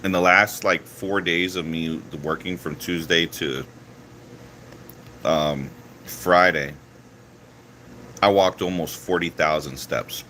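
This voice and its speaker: A man vlogs casually about something from his week, speaking slowly and pausing often, and animatedly acts out other people's lines with rising pitch. There's a little hiss or hum in the recording.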